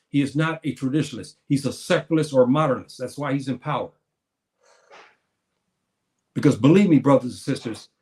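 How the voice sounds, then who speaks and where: Brothers and sisters is how this Muslim preacher addresses his listeners in an earnest spoken religious lecture, often restarting what he says. His voice is medium-pitched with a darkish tone.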